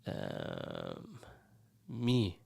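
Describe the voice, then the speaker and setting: A man's voice: low-pitched, huge pitch swings, drawn-out words, gravelly, darkish tone, breathy edge, no room sound. A man presenting a casual radio show, chatting, teasing his co-host and reading out listener messages. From England. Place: radio studio. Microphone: studio microphone.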